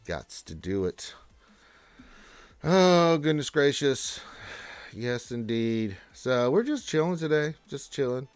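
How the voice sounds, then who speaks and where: A man's voice: mid-range voice, very animated, takes it slowly, clear, resonant tone, no echo. A man hosting a gaming livestream, casually reading viewer messages aloud and answering them in a laid-back way. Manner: laid-back, reads chat aloud in a lifted voice. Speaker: livestream host reading chat.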